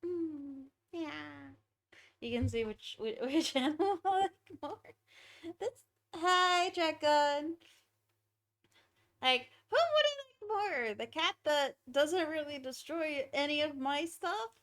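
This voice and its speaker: A young woman streaming a game, chatting easily and giggling while she talks to her pets. Her voice is high, and she speaks at a slow, unhurried pace. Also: animated, a bit bright. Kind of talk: casual chat during a game stream.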